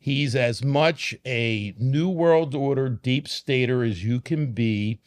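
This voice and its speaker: A man's voice: medium pitch, darkish tone. Emphatic man talking on a podcast. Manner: emphatic, argumentative, stresses words slowly. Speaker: podcast guest. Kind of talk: casual podcast conversation.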